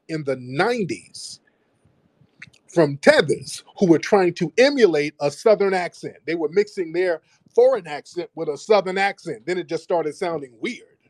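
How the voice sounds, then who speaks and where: A high-pitched American man hosts his own radio show, recorded with no echo. He lectures listeners in an emphatic monologue, repeating phrases to hammer his points home.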